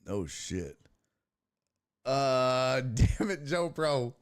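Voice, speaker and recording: A man's voice: mid-range voice, sing-song. A man hosting a live-streamed sports talk show, reading and answering viewer messages, cursing freely and laughing in between. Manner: profane, exasperated, quick to laugh.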